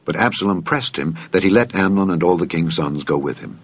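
Deep husky man reading scripture solemnly. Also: expressive, no room sound. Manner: solemn, measured, archaic phrasing. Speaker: Bible reader. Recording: dull lo-fi dry recording.

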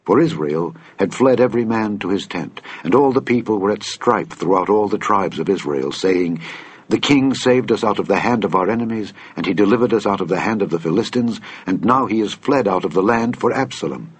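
A man reading an old Bible text aloud in a measured, solemn way. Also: lowish voice, animated, breathy edge. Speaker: scripture reader.

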